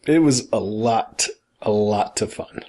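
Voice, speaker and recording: A man's voice: lowish voice, takes it slowly, dark tone. A young man co-hosting a casual gaming podcast, joking around and laughing often. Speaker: podcast co-host.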